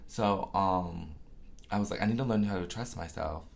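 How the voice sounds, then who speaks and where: A man hosting his own podcast, talking in a candid, confessional way with casual swearing and soft, reflective asides. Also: low voice, normal speed, gravelly.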